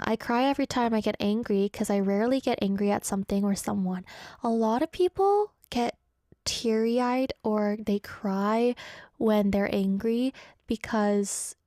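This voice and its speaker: A young woman hosts a radio show from a studio, her mid-range voice slightly dark in tone. The studio-microphone recording is dry and studio quality as she chats casually, reads listener messages, giggles often, and pokes fun at herself.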